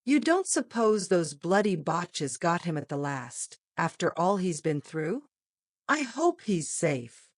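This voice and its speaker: A woman reading the part of an excitable army colonel, speaking in a clipped, brisk manner. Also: fairly low pitch, no room sound, studio quality, exaggerated voice. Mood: eager.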